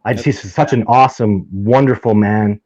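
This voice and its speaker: A man's voice: fairly low pitch, steady tone, moderate pace, a little mellow, lo-fi sound. A man being interviewed as a guest, telling stories in a rambling, enthusiastic way, often restarting his sentences and getting heated. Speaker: guest, Sasquatch researcher. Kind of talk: casual interview storytelling.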